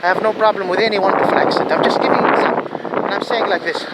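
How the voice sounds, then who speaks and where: A man's voice: sits high, racing, heavy background noise. A man vlogging in a rambling opinion monologue, pleading and repeating himself emphatically.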